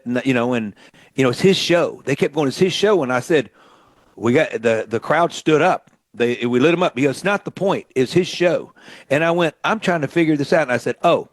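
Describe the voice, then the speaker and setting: A middle-aged man from Mississippi who hosts a radio show, telling stories in a lively way and acting out what people said. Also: medium pitch, no echo. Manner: animated storyteller, acts out quotes. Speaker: radio host and musician. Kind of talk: storytelling radio chat.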